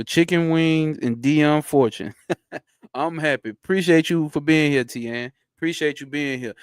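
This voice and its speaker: A man hosting a livestream, reading a text aloud in halting stops and breaking off into loose, profane slang asides. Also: medium pitch, no room sound, clean studio sound. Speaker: livestream host. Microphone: home streaming setup.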